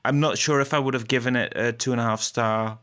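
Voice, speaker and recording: A man hosting a podcast, talking in a measured, hesitant way with many ums. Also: mid-range voice, fairly even intonation, fairly bright tone. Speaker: podcast host. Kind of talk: casual chat.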